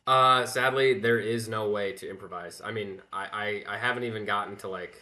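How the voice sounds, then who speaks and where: A man's voice: fairly low pitch, steady tone, normal speed, bright, forceful tone. A man commentating his live speedrun, nervous and apologetic, stammering and restarting his sentences.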